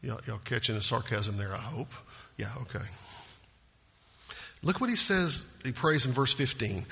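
A man's voice: medium pitch, sing-song, normal speed, creaky, pauses often, sharp tone, slightly rough, big-room sound. A man preaching a sermon, earnest and emphatic, asking rhetorical questions. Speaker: pastor.

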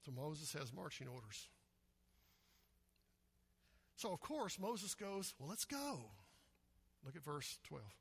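A pastor preaching a conversational sermon, often asking the congregation questions. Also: male voice, on the high side, very animated, normal speed, gravelly, husky. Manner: conversational, asks the congregation questions, acts out quotes.

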